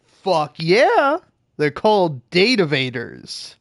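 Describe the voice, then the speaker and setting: A man's voice: fairly high pitch, huge pitch swings, slow, no room sound. Guy ranting and swearing over a game, cracks himself up, dead dry mic. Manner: ranting, profane, laughing at himself. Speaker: gameplay streamer. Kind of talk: profane gameplay commentary.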